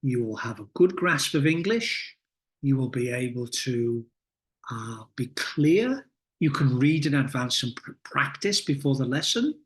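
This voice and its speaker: A middle-aged man coaching teachers in a recorded lesson, explaining reading techniques in a deliberate, instructive way with many pauses. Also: medium pitch, expressive. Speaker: teacher trainer.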